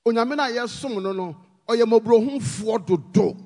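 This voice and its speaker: Ghanaian man, preacher, unhurried delivery, pleading, bursts of shouting, reverberant hall. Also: very high-pitched. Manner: pleading, rising to shouted emphasis. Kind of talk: sermon.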